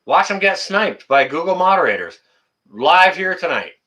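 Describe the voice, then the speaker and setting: A man hosts a casual livestream, addressing chat viewers by name as he rants indignantly and repeats his phrases a lot. His high voice swings widely in pitch, moving at normal speed with a pushed, bright quality.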